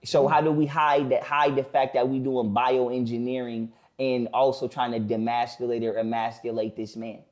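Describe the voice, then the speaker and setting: A man talking bluntly in a casual podcast conversation. He swears freely and slows down to repeat his main points. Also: mid-range voice, little pitch movement, darkish tone. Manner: blunt, profane, stops to repeat key points slowly. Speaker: podcast guest.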